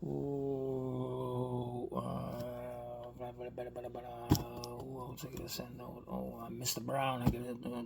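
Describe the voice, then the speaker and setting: A man's voice: medium pitch, vocal fry, noisy background. A man from Boston with a Boston accent, chatting casually and rambling in a vlog. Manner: rambling, chatty, frequent "you know what I mean". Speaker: toy car customizer vlogger.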